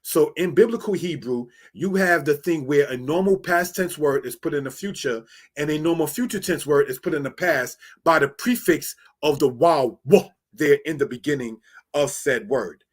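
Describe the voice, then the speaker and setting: A man teaching Bible Hebrew in a slow, repetitive way, often asking "all right?" and calling listeners brothers and sisters. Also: fairly high pitch. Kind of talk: screen-share Hebrew lesson.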